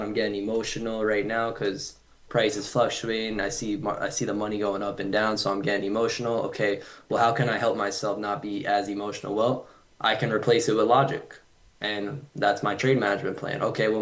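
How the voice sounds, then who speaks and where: A man co-hosting a trading stream who explains things step by step with examples, often adding "right". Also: on the low side. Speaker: trading livestream co-host. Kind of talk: casual livestream chat.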